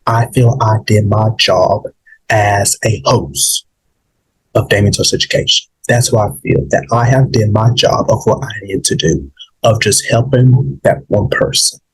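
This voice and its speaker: A man hosting his own podcast, rambling and halting with many fillers and restarts, emotional and holding back tears. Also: lowish voice, husky, rough recording. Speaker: podcast host. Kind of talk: emotional solo podcast monologue.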